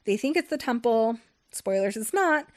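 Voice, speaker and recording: Lively intonation and a fairly high pitch mark this young woman's book podcast, where she recaps a story at normal speed. Her casual chat rambles, swears, and is thick with fillers like "like" and "um."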